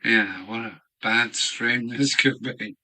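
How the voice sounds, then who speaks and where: Slow, bright-toned tipsy English man. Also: medium pitch, steady tone, low-quality recording. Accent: southern English. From southern England. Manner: rambling, chants and repeats phrases in a sing-song way. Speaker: model railway live streamer. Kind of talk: rambling solo live stream chat. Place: home hobby room.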